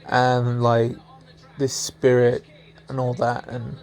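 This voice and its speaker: A man's voice: medium pitch, monotone, takes it slowly, darkish tone. A young man casually telling a strange story as a vlogger, laughing often and swearing freely.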